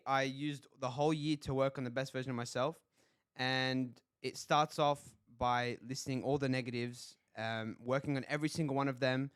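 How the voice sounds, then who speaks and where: Bright clear-voiced young male podcast host. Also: medium pitch, dry recording, studio quality. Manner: upbeat, easygoing, lots of fillers. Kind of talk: casual podcast chat.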